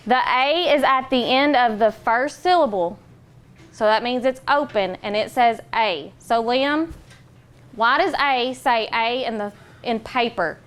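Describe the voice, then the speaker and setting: A woman teacher leading a phonics lesson, giving clear, patient directions and drawing out sounds slowly. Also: a little high, a bit bright. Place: classroom.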